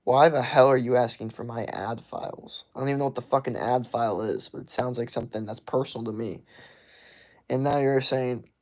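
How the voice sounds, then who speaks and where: A man's voice: mid-range voice, steady tone, a little fast, a little mellow. A young man from the United States reading chat on a live stream, talking casually with an exasperated, rambling manner.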